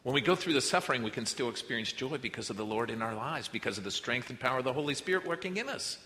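A man preaching a sermon as pastor, earnest, moving between quiet reflective passages and emphatic rises. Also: mid-range voice, lively intonation, fast talker. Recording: reverberant hall with faint noise.

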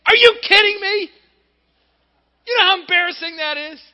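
A man's voice: fairly high pitch, animated, normal speed, sharp tone, heavily acted. A preacher playing a whiny reluctant paralyzed man. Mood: shrieking. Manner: whiny protesting, rising to shrieks. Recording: reverberant hall, dull lo-fi sound.

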